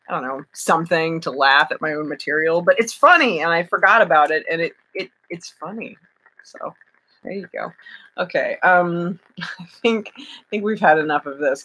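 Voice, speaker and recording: A woman's voice: low voice, a bit bright. A woman chatting on a live stream from home, giggly and rambling, with many fillers and restarts. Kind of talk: casual live-stream chat.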